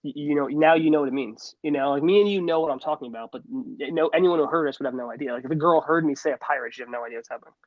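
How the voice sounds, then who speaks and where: A man's voice: on the high side, rapid-fire, few pauses, no room sound, lo-fi sound. A young man co-hosting a podcast in casual chat, rambling with many restarts and fillers. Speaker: podcast co-host.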